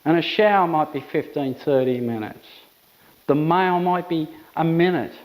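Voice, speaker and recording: A man's voice: a little high, expressive, moderate pace, darkish tone, poor audio. A man, an emphatic dog trainer explaining methods with repetitive phrasing. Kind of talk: instructional talk to camera.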